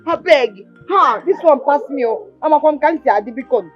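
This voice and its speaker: Brash village friend, Nigerian accent, high voice, scolding, dull lo-fi sound. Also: female voice, expressive, a little fast, faint music behind. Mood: exclaiming. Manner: scolding, exclaiming, pidgin asides. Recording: dull lo-fi film audio.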